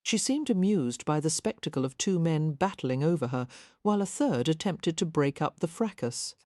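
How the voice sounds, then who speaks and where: Woman, audiobook narration, low pitch, dry close sound. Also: expressive, moderate pace, dark tone, no room sound. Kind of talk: scripted narration.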